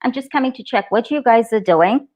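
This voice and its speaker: A woman's voice: on the high side, fairly quick, darkish tone. A woman teaching a live online English exam lesson, upbeat and encouraging as she talks to her viewers. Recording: dull lo-fi stream audio.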